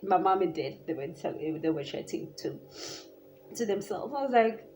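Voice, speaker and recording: A young South African woman with a South African accent, telling a story to camera in a casual, animated, chatty way. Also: mid-range voice, moderate pace, soft background music. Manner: animated, chatty, lots of filler "like". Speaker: vlogger.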